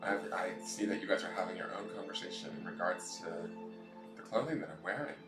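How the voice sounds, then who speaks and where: A man's voice: deep voice, fast talker, reverberant, loud music behind the voice. A man with a nasal voice, hosting a tarot live stream from home and chatting goofily with viewers. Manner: goofy, chatty, reads out viewer comments.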